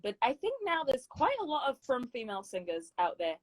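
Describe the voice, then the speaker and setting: A British woman, a guest singer, talks through her advice in a casual interview. Her higher voice stays emphatic and encouraging. The sound is dry and close. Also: very animated, a little fast, no room sound, rough recording. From Britain. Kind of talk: casual video chat interview.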